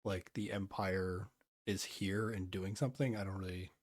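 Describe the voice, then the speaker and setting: A man's voice: low voice, fairly even intonation, moderate pace. A man co-hosting a podcast in casual chat, hedging often and sounding unsure of himself. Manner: hedging and unsure, many "I don't know"s. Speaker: podcast co-host.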